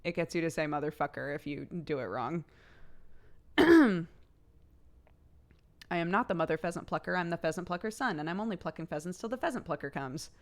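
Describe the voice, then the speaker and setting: A woman's voice: on the low side, animated, brisk, pauses often. A woman streamer chatting casually and playfully on a livestream, laughing often as she tries out tongue twisters.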